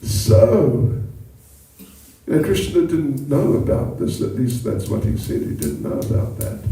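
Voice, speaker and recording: Slow, animated man telling a sermon story. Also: mid-range voice. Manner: animated, slow, with asides to the audience. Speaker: monk giving a talk. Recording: echoey hall from far off.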